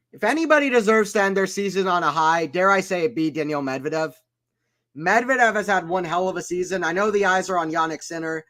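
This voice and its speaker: During a tennis watchalong stream, a man with a slightly high voice gives laid-back play-by-play and gets loud when big shots land. Between points he chats with viewers and reads their messages aloud.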